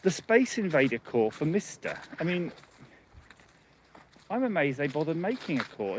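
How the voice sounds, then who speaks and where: A man's voice: fairly high pitch, big pitch swings, normal speed, pauses often, slight background noise. Rambling man chatting outdoors. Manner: rambling, chatty, laughs often. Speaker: livestream host. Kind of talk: casual live chat. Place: outdoors on a muddy path. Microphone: handheld phone.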